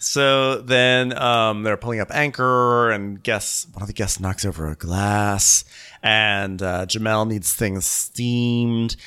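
A man co-hosting a podcast, recapping a reality show in casual chat and jumping into high mock voices to imitate the people on it. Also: fairly even intonation, takes it slowly, pushed and bright, clear, resonant tone. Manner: jokey, mimics people in high falsetto voices. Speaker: podcast co-host.

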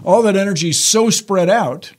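A man's voice: high voice, moderate pace. An older man explaining science in a casual chat, wry and explanatory, often restarting sentences. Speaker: science guest.

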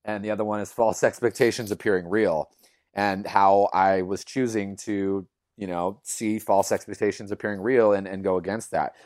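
A man, a yoga teacher, telling his own story in conversation, earnest and animated, acting out the voices he quotes and leaning on lots of fillers. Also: on the low side, normal speed, no echo, clean studio sound.

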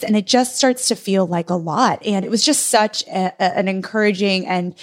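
A woman's voice: medium pitch, moderate pace, few pauses. A woman hosting a podcast interview in an upbeat, gushing way, saying "like" often. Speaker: podcast host. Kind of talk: conversational interview.

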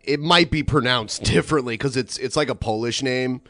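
Male co-host, mid pitch, dry studio mic, explains and corrects in casual banter. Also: normal speed, pushed and bright, no echo.

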